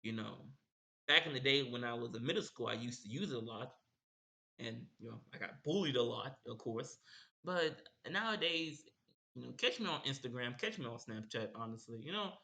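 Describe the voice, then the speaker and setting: A young man with a bright, forceful voice tells a casual story. He rambles and repeats himself often, like a streamer chatting to his viewers. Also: mid-range voice, animated, normal speed, creaky. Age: young adult. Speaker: streamer host.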